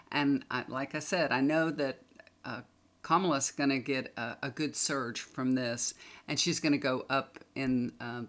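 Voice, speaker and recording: A woman's voice: deep voice, fairly bright tone. A woman tarot reader talking casually to a camera, chatty and emphatic, repeating points for stress.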